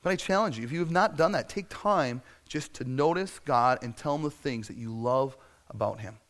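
A man preaching a sermon in a conversational, storytelling way, acting out scenes and sometimes shouting for effect. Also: mid-range voice, normal speed. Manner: conversational and self-deprecating, with frequent fillers. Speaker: pastor.

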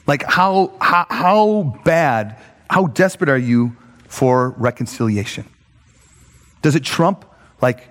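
Animated preacher man in a reverberant hall. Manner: animated, jumps into high mock voices for quoted people. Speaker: pastor. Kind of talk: sermon with comic storytelling.

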